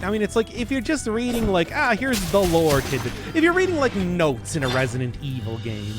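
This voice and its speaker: A man's voice: sits high, big pitch swings, fairly quick. A man with a Midwestern accent giving casual, self-mocking commentary while streaming a game. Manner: rambling, self-mocking, lots of fillers and restarts. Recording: music playing behind.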